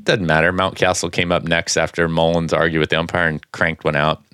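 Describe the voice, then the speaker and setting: A man with a very low, smooth voice co-hosts a sports podcast. He talks casually and rambles, circling back with fillers and restarts. The sound is dry and close. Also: monotone, a little fast, sharp tone, no room sound.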